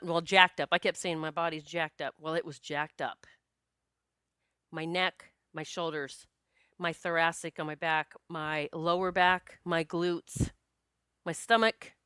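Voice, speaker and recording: A woman's voice: on the low side, smooth, no room sound, clean studio sound. Chatty spiritual woman storyteller. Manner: animated, chatty, frequent restarts and quoted self-talk; spiritual, earnest. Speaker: podcast host, psychic medium. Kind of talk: casual personal storytelling.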